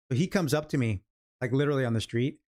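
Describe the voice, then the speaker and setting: A man's voice: mid-range voice, fast talker, a little mellow. A middle-aged man from California with an American accent, hosting a day-trading livestream in a loose, chatty way and joking around as he talks through his charts. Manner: chatty, jokey storyteller, laughs at own stories. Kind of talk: casual livestream chat.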